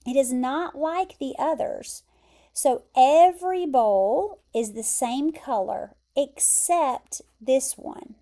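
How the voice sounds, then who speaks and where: A woman with an American accent teaching English vocabulary, explaining word pairs carefully and repeating pronunciations clearly. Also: high voice, takes it slowly, warm tone. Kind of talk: vocabulary lesson.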